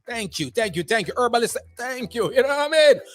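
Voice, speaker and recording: A man hosting a radio show from home, giving lively slang-filled shout-outs and slipping into patois for fun, a little under the weather. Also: very high voice, a little fast, no echo. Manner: slips into Caribbean-style patois for fun. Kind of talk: energetic radio DJ chat. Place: at home, remote broadcast.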